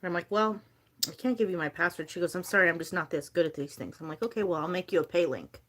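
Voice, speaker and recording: Chatty young woman with a lower voice. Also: quick pace. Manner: chatty and animated, with lots of "like" and quoted dialogue. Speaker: livestreamer selling handmade bracelets. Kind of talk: casual live-stream chat.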